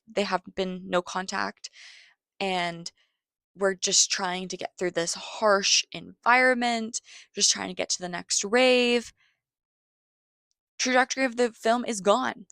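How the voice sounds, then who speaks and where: A woman's voice: medium pitch, fairly bright tone, no room sound. A woman giving a casual spoken film review, chatty and swearing freely, getting worked up as she retells tense scenes.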